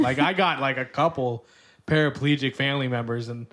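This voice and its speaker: A man's voice: mid-range voice, brisk, fairly bright tone. A man co-hosting a podcast in casual chat, retelling a story and laughing often. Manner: retells stories with quoted voices, laughs often. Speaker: podcast co-host.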